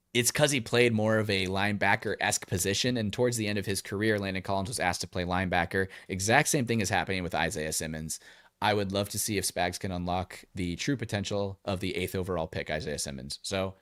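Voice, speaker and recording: A man's voice: deep voice, fairly quick, fairly bright tone, no echo, studio quality. A man co-hosting a casual sports podcast, talking energetically with lots of fillers. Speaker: podcast co-host.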